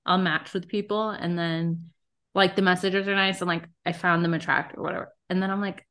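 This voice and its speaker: Bright-voiced, playful young woman. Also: on the low side, little pitch movement. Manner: playful, teasing, quick to laugh. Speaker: podcast co-host. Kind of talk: casual chat.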